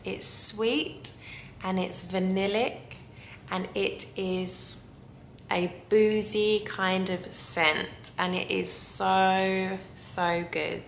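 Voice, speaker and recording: Slow, gushing woman in an echoey room. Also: medium pitch, fairly bright tone, a little hiss or hum. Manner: gushing, savoring descriptions. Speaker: perfume reviewer. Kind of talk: casual review vlog.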